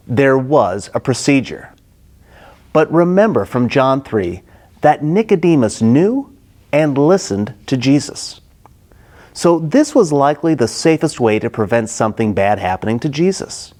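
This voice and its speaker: A male pastor giving a Bible teaching sermon, emphatic and animated like a storyteller. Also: medium pitch.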